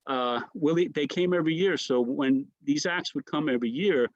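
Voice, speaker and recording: A man's voice: fairly high pitch, normal speed, dry recording, lo-fi sound. A man, a comedian guest, telling rambling stories and mimicking the voices of others. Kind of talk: storytelling anecdotes.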